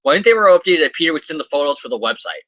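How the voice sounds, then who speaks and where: Co-hosting a comic book podcast, a man recaps an issue in a rambling, joking way, tossing in quick character voices. His voice is slightly high, animated, and a bit bright, and the recording is dull, dry lo-fi with no echo.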